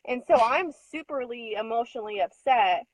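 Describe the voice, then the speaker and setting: A woman's voice: fairly high pitch, expressive, normal speed, no room sound, poor audio. Upset woman recounting an incident, hesitant. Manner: hesitant, filler-heavy storytelling; audibly upset, near tears at times. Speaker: conference attendee recounting an incident. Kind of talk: casual recounting conversation.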